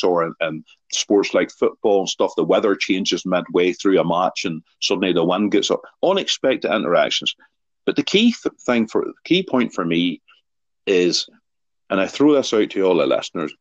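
A sports psychology author appears as a podcast guest, answering interview questions with anecdotes in a low, deep voice. He is earnest and explanatory, posing rhetorical questions in a dry manner. The recording is dry, muffled, and dull, with a lo-fi quality.

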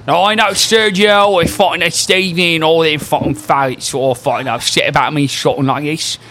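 A man doing a profane British guy who rants in mock earnest. The put-on voice sits a touch high and is swearing-heavy, a joking podcast bit. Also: fairly even intonation, fairly quick, slight background noise. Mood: mock ranting. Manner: loud, profane, mock-serious. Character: crude ranting British man.

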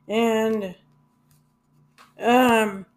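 Woman, unhurried rambling music vlogger, filler-heavy and blunt. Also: on the high side, steady tone. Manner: rambling, hesitant, many fillers and restarts; blunt, swears casually. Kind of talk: casual rambling monologue.

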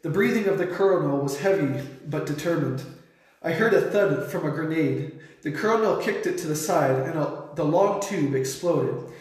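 A young man earnestly reading his own short story aloud, lifting his voice sharply for shouted lines. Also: a little high, lively intonation, moderate pace. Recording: very echoey room.

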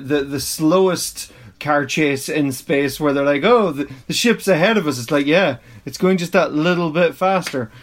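Give me a talkative man whose voice sits a touch high. He recaps an episode in a loose, rambling way, full of mock-exasperated asides, and he laughs often as he goes. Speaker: podcast host reviewing an episode. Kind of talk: casual recap commentary.

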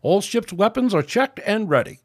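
A man voicing a young, green male navigator who is eager and dutiful, pitched higher than his own voice. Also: lively intonation, moderate pace.

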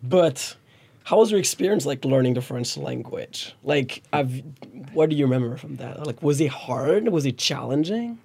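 A man's voice: medium pitch, normal speed, vocal fry, breathy edge. A male podcast co-host asking a guest rambling, casual questions. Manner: asks questions in a lively, rambling way.

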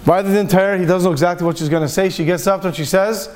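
A man with a high voice gives a Torah talk in the manner of a rabbi. He tells a story with lively turns, slipping into the speakers' lines as he goes. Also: quick pace. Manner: lively storyteller acting out dialogue.

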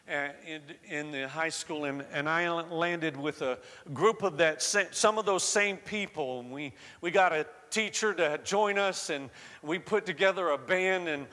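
A man's voice: fairly high pitch, sharp tone. Pastor guy, faint southern accent, chatty stories then fired-up bits, long echo in the room. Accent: slight Southern US. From American South. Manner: conversational storytelling, rising to fervent emphasis. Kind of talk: sermon.

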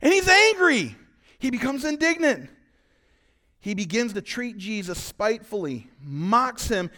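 A male pastor preaching a sermon, animated, acting out voices and swinging between loud and quiet. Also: extremely high pitch, measured pace.

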